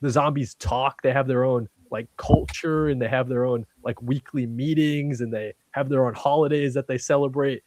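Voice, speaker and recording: A man with a mid-range voice, eagerly recommending and praising comics in a casual panel chat. His talk is energetic and gushing. The recording is close and dry. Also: mid-range voice, normal speed, few pauses, no echo. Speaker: podcast co-host.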